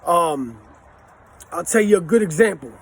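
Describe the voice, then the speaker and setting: A man's voice: sits high, animated, unhurried. A man in his forties, a channel host, telling stories in a blunt, profane way with a lot of street slang. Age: 40s. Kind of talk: casual storytelling to camera.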